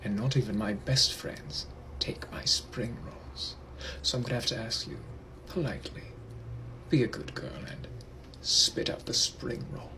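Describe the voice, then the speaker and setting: A man voicing a genteel, menacing British gentleman from the 1800s, in a whispered role-play with a silky, possessive, threatening manner. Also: mid-range voice, steady tone, measured pace, gravelly, noisy background. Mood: whispered threats.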